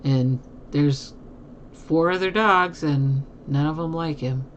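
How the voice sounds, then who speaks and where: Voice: mid-range voice, takes it slowly, lo-fi sound, a little hiss or hum. Chatty streamer who laughs a lot. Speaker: live streamer. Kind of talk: casual chat with viewers. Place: at a home desk.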